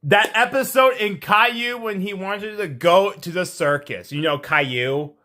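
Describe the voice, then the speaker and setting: A vlogger with a high-pitched voice speaks at a measured pace, casually telling his viewers a story to camera. He's animated and rambling, repeating himself as he goes, and he wraps up with a moral and a sign-off.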